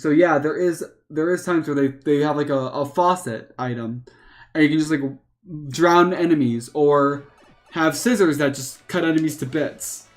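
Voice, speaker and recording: A woman streaming a game and talking casually, in a rambling, hesitant way. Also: low-pitched. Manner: rambling, hesitant, with fillers and restarts. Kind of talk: casual gameplay commentary.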